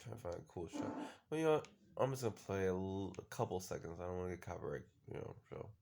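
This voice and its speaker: A man's voice: low voice, expressive, fast talker, vocal fry, noisy background. A man casually recapping a show episode, rambling with lots of fillers and the odd swear word. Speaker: show reviewer.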